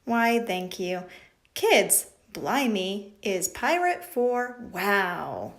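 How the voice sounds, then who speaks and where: A woman's voice: mid-range voice, sing-song, drawn-out words, heavily acted. A woman voicing a chatty, know-it-all parrot who translates pirate talk for kids in a puppet show. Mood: chirpy. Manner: chirpy, explaining pirate words.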